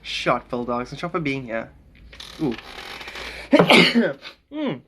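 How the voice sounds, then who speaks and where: A man's voice: mid-range voice, sing-song, takes it slowly, sharp tone, slight background noise. Rambling South African man on a live stream. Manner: rambling and musing, greeting viewers by name. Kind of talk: casual live-stream chat.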